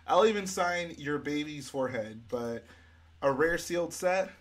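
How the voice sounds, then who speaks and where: A young man hosting a casual live stream, reading out viewer comments and answering them in a relaxed way while he builds. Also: on the high side, a little slow. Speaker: livestream host.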